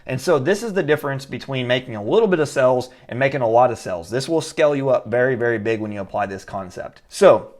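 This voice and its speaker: Casual, energetic man teaching at a whiteboard. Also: medium pitch, fast, few pauses. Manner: casual, energetic, with many fillers. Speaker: online marketing teacher. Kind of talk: whiteboard tutorial.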